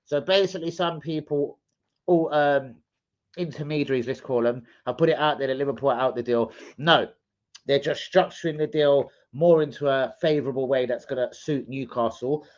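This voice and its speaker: A man's voice: medium pitch, moderate pace. Sweary man ranting on a stream. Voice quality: sweary, rambling, street slang. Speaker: football channel host. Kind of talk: live stream rant. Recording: lo-fi livestream audio.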